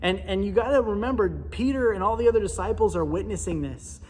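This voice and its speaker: A man preaching a sermon in a church, with a casual, animated storytelling manner. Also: sits high, fast, slightly rough, in a large hall. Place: church sanctuary.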